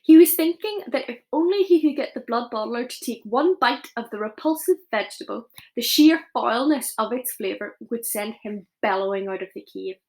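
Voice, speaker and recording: A woman teacher reading a children's novel aloud, expressive, with small slips as she goes. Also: on the high side, normal speed, few pauses.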